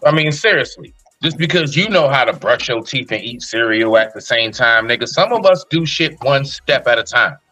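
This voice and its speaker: A man's voice: mid-range voice, animated, normal speed, hardly any pauses, pushed and bright, lo-fi sound, faint music behind. A man chatting on a podcast, joking and teasing in a profane way. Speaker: podcast co-host. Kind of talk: casual chat.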